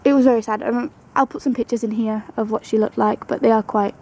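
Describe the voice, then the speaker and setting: A young woman tells her pet's story in a casual home vlog. Her voice sits a little high yet mellow and dark in tone, with a gravelly fry. She talks fondly and coos softly to her rabbit between stories. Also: steady tone, quick pace, poor audio. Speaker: pet vlogger.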